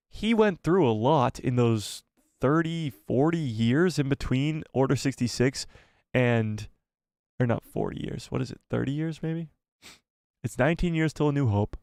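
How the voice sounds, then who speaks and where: A man hosting a casual live stream, talking with excitement and thinking aloud as he rambles. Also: medium pitch, clean tone, no echo, studio quality.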